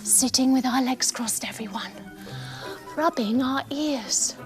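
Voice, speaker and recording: A woman in her thirties leading a children's yoga lesson as a told story, animated and soothing with a sing-song delivery. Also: high-pitched, slow pace, music in the background. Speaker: kids yoga instructor.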